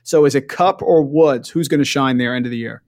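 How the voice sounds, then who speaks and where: A man's voice: mid-range voice, fairly quick, a little mellow. Conversational male podcast host. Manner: conversational, asks questions and sets up topics. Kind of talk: casual podcast chat.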